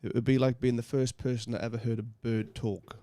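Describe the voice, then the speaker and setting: A man's voice: medium pitch, level tone, a little fast, a crowd in the background. A man from Wales, hosting a casual podcast chat and telling rambling stories between frequent laughs. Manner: laughs often, rambling anecdotes. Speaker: podcast host.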